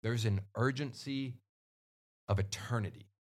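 A man hosting a casual Christian podcast, talking earnestly and hitting his points hard with loud peaks. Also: medium pitch, measured pace. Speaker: podcast host.

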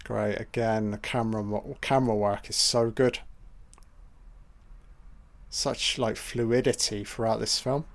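A man's voice: lowish voice, fairly even intonation, a little slow, pauses often. A man giving a casual, crude running commentary on a film, swearing and reacting aloud.

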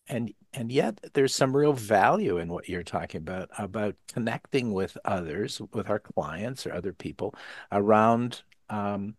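A man's voice: fairly low pitch, slightly rough, no room sound, studio quality. A man hosting a podcast interview about pottery, asking thoughtful, reflective questions. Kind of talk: casual interview talk.

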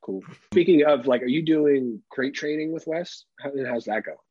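A man's voice: on the high side, moderate pace, slightly rough, no echo, lo-fi sound. A young adult man co-hosting a comedy podcast, talking casually and with a lot of swearing, acting out exaggerated voices. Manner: profane, animated, acts out exaggerated voices. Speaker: podcast co-host.

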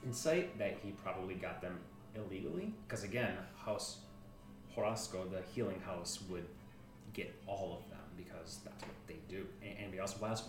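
Animated game master heard from afar. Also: male voice, deep voice, over music. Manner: animated, halting describer with many restarts. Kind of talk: narrating a tabletop game. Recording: roomy room, distant mic.

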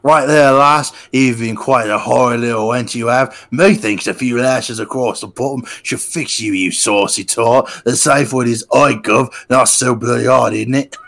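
A man putting on a lewd, mock old-fashioned British gentleman with an exaggerated fake British accent. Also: mid-range voice, moderate pace, gravelly, hardly any pauses. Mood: leering.

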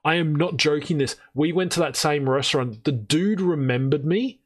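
Podcast co-host, male, slightly high voice, profane and animated anecdote teller. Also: normal speed. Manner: swearing, animated, acts out quoted voices. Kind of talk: casual storytelling chat.

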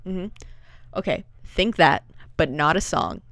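A woman's voice: fairly low pitch, big pitch swings, unhurried, creaky, a bit bright, no room sound. A young woman co-hosting a podcast, rambling and self-deprecating in casual chat. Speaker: podcast co-host.

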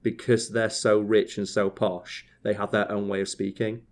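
A man from Yorkshire co-hosting a podcast, talking casually but slowing down and over-pronouncing his words. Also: fairly low pitch, level tone. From Yorkshire, England. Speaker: podcast co-host.

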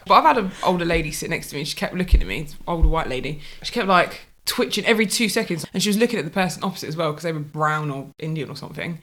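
A young man in a casual chat, trading short reactions and quick jokes. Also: fairly high pitch, expressive, a bit bright.

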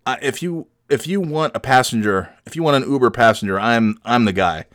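A man's voice: medium pitch, fairly quick, a bit bright, no room sound. A young man hosting a podcast, telling rambling, profane stories with self-deprecating humor on a studio mic. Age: young adult. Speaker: podcast host. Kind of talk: casual storytelling.

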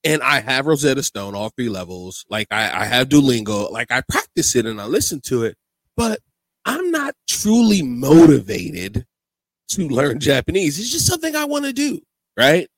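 Podcast host guy, lively up-and-down voice, rambles a bit, dry close mic. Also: medium pitch, normal speed, no room sound. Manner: animated, rambling storyteller. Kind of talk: casual podcast chat.

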